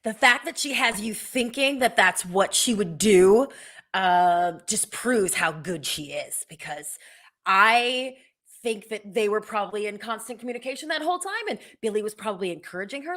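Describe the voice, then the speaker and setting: A woman co-hosts a casual news podcast, her voice slightly high and very animated in pitch. She chats with quick enthusiasm and laughs easily. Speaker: podcast co-host.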